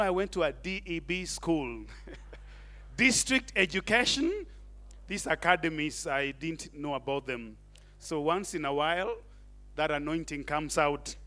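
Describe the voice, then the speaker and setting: A middle-aged man preaching a sermon, animated, tossing in Swahili asides and questions to the congregation. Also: high voice. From Kenya. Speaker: pastor.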